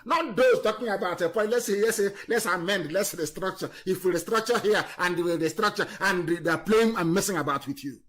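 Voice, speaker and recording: A man giving an impassioned political speech on a live broadcast, scornful and fiery, swinging from loud declarations to low muttering. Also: fairly quick, hardly any pauses. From Nigeria. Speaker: activist leader on a live broadcast.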